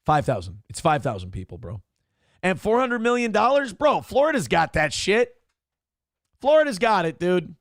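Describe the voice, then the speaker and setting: A man's voice: sits high, big pitch swings, normal speed, dry recording, clean studio sound. A man hosting a morning show, mocking a clip in a sarcastic, profane rant. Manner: sarcastic, ranting, swears freely. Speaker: show host reacting to clips.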